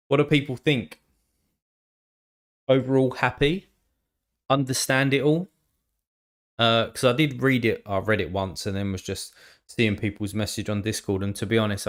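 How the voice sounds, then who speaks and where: A man chatting casually on a live stream, rambling and thinking aloud with lots of fillers and the odd swear word. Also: lowish voice.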